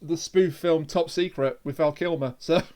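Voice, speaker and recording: A man's voice: on the high side, fairly even intonation, moderate pace, warm tone. A man co-hosting a casual review podcast, adding dry trivia asides with hesitant restarts. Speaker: podcast co-host.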